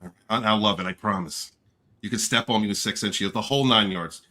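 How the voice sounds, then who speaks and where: A man hosting a casual livestream, warmly shouting out chat viewers by name and joking playfully with them. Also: fairly low pitch, quick pace. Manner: effusive, affectionate shout-outs to chat viewers. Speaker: livestream host.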